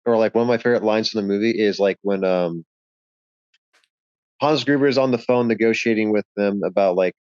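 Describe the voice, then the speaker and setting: A man's voice: on the low side, a little fast, darkish tone, smooth, no echo. A man on a movie club panel, retelling a favorite scene in a casual chat, peppered with "like". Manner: filler-heavy, lots of "like". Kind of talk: casual group chat about a film. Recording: dry, dull lo-fi mic.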